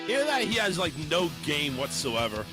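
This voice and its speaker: A man's voice: fairly high pitch, very animated, normal speed, over loud music. A man hosting a talk radio show, chatting casually in a laid-back, joking and rambling way.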